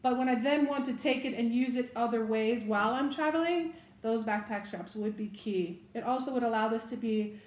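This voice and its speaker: A woman's voice: a little high, moderate pace, a little mellow. Chatty, giggly woman in an echoey room. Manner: chatty, giggly, self-correcting asides. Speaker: bag reviewer. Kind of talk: casual product review.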